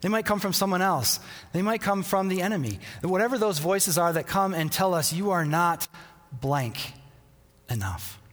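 A man preaching a sermon as pastor, earnest, repeating a refrain and dropping to a soft near-whisper. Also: high voice, fairly quick. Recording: long reverb in a large hall.

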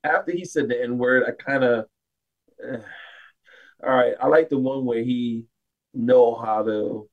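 A man's voice: medium pitch, steady tone, a little slow, pauses often, phone-quality sound. A man, a singer appearing as a podcast guest, chatting casually with loose, emphatic exclamations. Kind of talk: casual chat.

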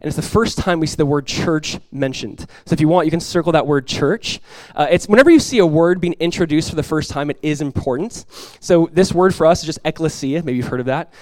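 Guy pastor giving a sermon, chatty and lively, higher-ish voice, pretty dry mic. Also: a little fast, dry recording. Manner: conversational, animated storytelling with quoted voices.

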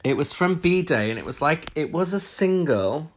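A man's voice: a little high, animated, moderate pace. Chatty man co-hosting a podcast. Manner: chatty, rambling with fillers. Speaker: podcast co-host. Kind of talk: casual chat.

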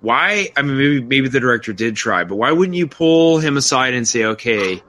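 A man with a bright, forceful voice talks through a film review. He sounds animated and incredulous, trips over restarts, and circles back to the same complaint. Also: medium pitch, moderate pace. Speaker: podcast co-host. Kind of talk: casual film review chat.

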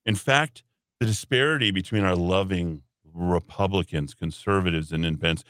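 A man hosting a talk radio show, giving opinionated commentary in an animated, sarcastic, rambling way. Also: sits low, normal speed, dry recording. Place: radio studio.

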